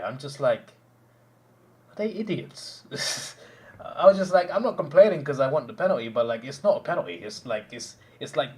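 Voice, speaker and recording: Young man, stream host, casual chat, animated, mid-pitched voice. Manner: animated storytelling, mimicking others, frequent laughs and restarts.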